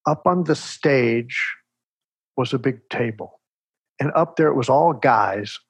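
An older man from Texas, an interview guest telling stories in a measured, reflective way, with a husky voice. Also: mid-range voice, no echo. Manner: measured, reflective, animated storyteller. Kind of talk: storytelling in conversation.

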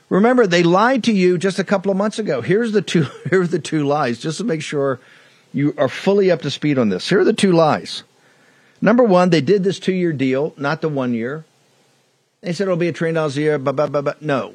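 A man's voice: on the high side, breathy edge, no echo. Emphatic man hosting a political show. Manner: emphatic, repetitive, mocking. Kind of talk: combative political monologue.

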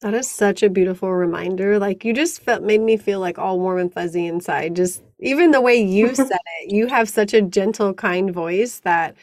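A woman's voice: mid-range voice, moderate pace, few pauses, dry recording. Affirming woman podcast host, dry sound. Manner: warm, affirming, reflective. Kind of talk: casual interview conversation.

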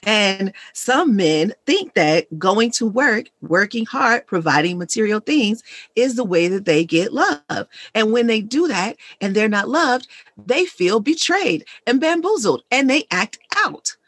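Woman guest, money coach, husky and fairly high, animated and emphatic, dry close sound. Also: unhurried, no echo. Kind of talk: conversational interview.

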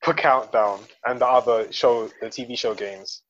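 A man's voice: medium pitch, steady tone, moderate pace, fairly bright tone, highs cut off. Hesitant man hosting a podcast. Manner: hesitant questioning, many ums. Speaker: podcast host. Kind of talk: casual podcast interview.

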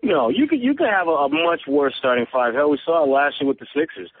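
A man's voice: fairly high pitch, lively intonation, no echo. Analytical male reporter over a phone line. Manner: measured, analytical. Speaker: guest sports reporter. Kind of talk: sports talk podcast interview.

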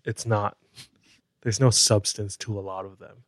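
A man with a somewhat low voice speaks in a casual podcast chat, pausing on fillers as he hunts for the right words. The sound is close and dry. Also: flat delivery, no echo. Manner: hesitant, searching for words with fillers. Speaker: podcast co-host.

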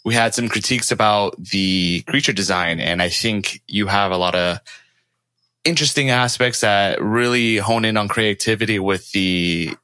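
A man with a low voice co-hosts a podcast, sounding eager and hyped, using casual slang. His tone is bright and forceful, and the sound is dry and close to the mic. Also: moderate pace, clear, resonant tone, dry recording. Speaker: podcast co-host.

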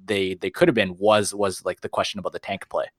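A man's voice: sits low, little pitch movement, brisk, no echo, studio quality. A man co-hosting an esports talk show, chatting casually and often rephrasing and stumbling over his words. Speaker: esports podcast co-host. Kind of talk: casual chat.

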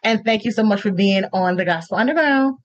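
A woman hosts a casual podcast interview, effusive and full of gushing praise. She talks fairly quickly in a mid-range voice, and the recording is muffled and lo-fi.

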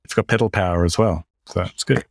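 An Australian man hosting a podcast in casual chat, relaxed, chuckling easily, with a dry, understated way of putting things. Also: sits low, a little fast, gravelly, no echo. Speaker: podcast host.

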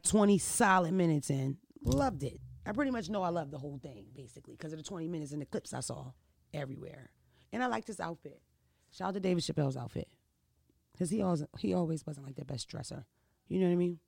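A woman hosting a casual chat, telling stories in an animated, laughing and profane way. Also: low-pitched, vocal fry, dry recording, studio quality. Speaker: podcast host.

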